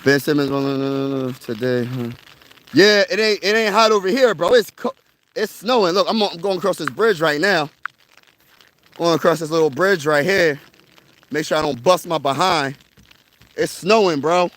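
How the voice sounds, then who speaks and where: High-voiced excitable young man vlogging. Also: normal speed. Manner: excitable, slangy, repeats himself. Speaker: sports vlogger covering his city's teams. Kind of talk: casual livestream chat. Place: outdoors on a snowy wilderness trail, walking.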